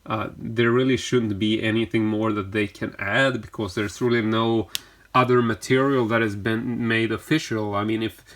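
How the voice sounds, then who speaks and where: A man's voice: on the low side, steady tone, moderate pace, a bit bright. A man casually showing off items from his collection in a vlog, talking in a rambling way with lots of fillers and self-corrections.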